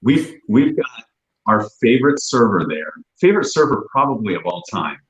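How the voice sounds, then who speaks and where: A man co-hosting a casual livestream, telling rambling, animated stories. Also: on the low side, normal speed, roomy sound, poor audio. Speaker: real estate agent and livestream co-host.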